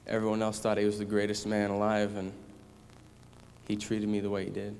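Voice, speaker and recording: Flat-voiced low young man, hall echo. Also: a little fast, gravelly, a little hiss or hum. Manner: plain, solemn recounting. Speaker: son giving a talk. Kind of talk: personal testimony talk. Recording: echoey hall with long reverb.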